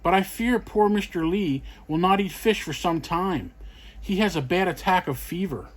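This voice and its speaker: A money-hungry rich master who speaks with stiff politeness, as a man puts him on for a storybook. His voice runs fairly high. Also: normal speed. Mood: curious. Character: greedy rich male master.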